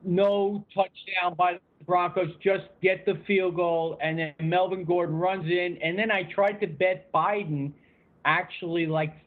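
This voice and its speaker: Male call-in guest on a sports show, wry and conversational, fairly high voice over a phone line. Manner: wry, conversational, self-deprecating. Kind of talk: casual sports talk.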